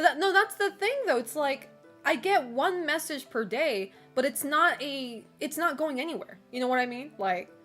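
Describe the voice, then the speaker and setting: A woman with a slightly higher voice talking casually on her stream, leaning on "like" and "you know" and laughing often between remarks. Soft music plays low in the background. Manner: loose and chatty, full of "like" and "you know". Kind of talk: casual chat with a live chat.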